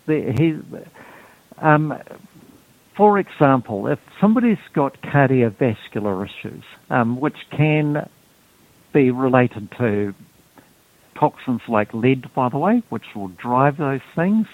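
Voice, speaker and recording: A man talks through a health topic, pausing often with ums and restarting his sentences. He speaks slowly, and his voice comes through a narrow, tinny phone line with a dry sound. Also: mid-range voice, expressive, no room sound. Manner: halting, many ums and restarts. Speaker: health guest explaining detox. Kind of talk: explanatory talk.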